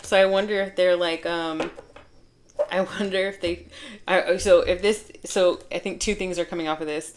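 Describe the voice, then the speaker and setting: Woman tarot reader, low-ish voice, chatty and giggly, rambling and casual. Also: fairly even intonation, normal speed, noisy background. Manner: chatty, laughing, self-interrupting. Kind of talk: casual tarot reading to camera.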